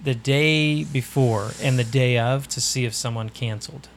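A man's voice: medium pitch, normal speed, a little hiss or hum. A man in his early thirties hosting a podcast, telling stories in casual chat with a laid-back manner and frequent laughs. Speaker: podcast host.

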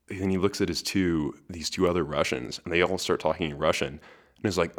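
Very deep-voiced man telling a story. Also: steady tone, moderate pace. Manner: chatty, laughs between lines, restarts words. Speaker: podcast host. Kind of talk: casual solo storytelling.

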